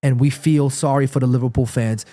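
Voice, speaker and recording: A man's voice: medium pitch, steady tone, fairly quick, warm tone, close to an everyday voice. Earnest star footballer addressing fans, put on by a man, frustrated but resolute.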